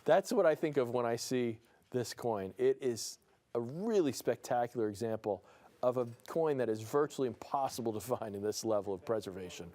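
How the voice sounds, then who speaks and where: A man with a New Jersey accent, an auctioneer and show host, runs a live broadcast auction in a studio room with a small audience. He calls bids playfully and enthusiastically, chuckling between calls. His medium-pitched voice is mellow, with lively intonation at a moderate pace.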